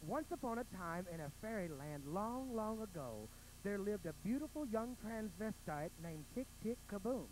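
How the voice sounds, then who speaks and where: A man's voice: sits high, lively intonation, normal speed, darkish tone, slight background noise, rough recording. A male drag performer on a pageant stage narrating a bawdy fairy tale in a mock-sweet, campy storybook manner into a stage microphone.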